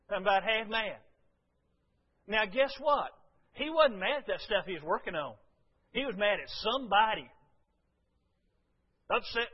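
A man's voice: sits high, slightly rough. Folksy preacher man, muffled recording. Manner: folksy storytelling preacher, shifting from loud to hushed. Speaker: pastor. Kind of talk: sermon.

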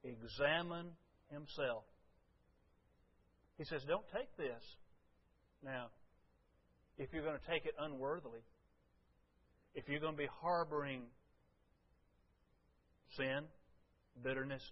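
A man preaching a folksy, storytelling sermon to his congregation, swinging from loud to hushed. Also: a little high, lo-fi sound. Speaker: pastor.

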